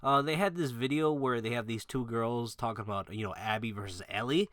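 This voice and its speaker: Man, bright tense voice, casual profane rant, rambling, laughs between points, dry sound. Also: medium pitch, fairly quick, dry recording. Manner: loose rambling with restarts and fillers. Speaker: gaming video creator. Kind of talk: casual opinion rant to camera.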